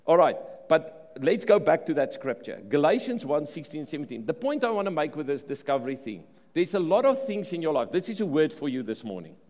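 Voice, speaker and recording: A man with a South African accent preaching a sermon in an animated way, often repeating words and restarting phrases. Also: on the high side, fairly quick, few pauses. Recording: long reverb of a large hall.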